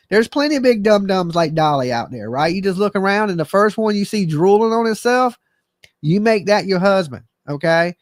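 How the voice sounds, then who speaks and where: Middle-aged male stream host, high voice, dry mic; playful, self-deprecating chat banter. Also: dry recording. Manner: goofy, self-mocking, loose slangy delivery. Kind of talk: joking live-stream chat.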